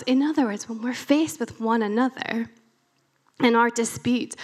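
Woman preaching a conversational sermon. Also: fairly high pitch. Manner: conversational, wry asides, reads scripture aloud.

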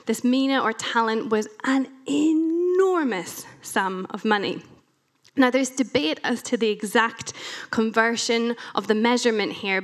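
Woman preaching a conversational sermon. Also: a little high. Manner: conversational, wry asides, reads scripture aloud.

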